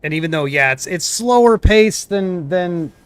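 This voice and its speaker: A man's voice: high voice, expressive, normal speed, smooth, dry recording. A young man streaming a shooter game, chatting casually and trailing off into mumbled asides. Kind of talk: casual gameplay commentary.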